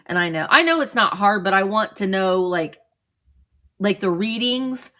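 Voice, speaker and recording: A woman's voice: medium pitch, lively intonation, a little slow, sharp tone. A woman hosting a casual livestream, chatting loosely with viewers, greeting them by name and rambling with frequent restarts. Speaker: vintage seller livestream host.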